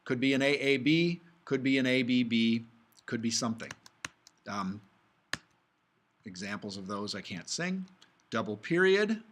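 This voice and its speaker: A man giving a relaxed music theory lecture, talking his way through the slides and breaking into quick sung examples now and then. His voice sits at an ordinary middle pitch, and he keeps the tone informal, as if chatting with a class. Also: slight background noise. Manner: casual, talks through slides, hums and sings examples. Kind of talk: recorded video lecture.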